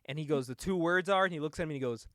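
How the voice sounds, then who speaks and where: A man's voice: fairly high pitch, racing, fairly bright tone, dry recording, studio quality. A man co-hosting a podcast, animatedly retelling events, acting out quotes and laughing often. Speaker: podcast co-host. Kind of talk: casual chat.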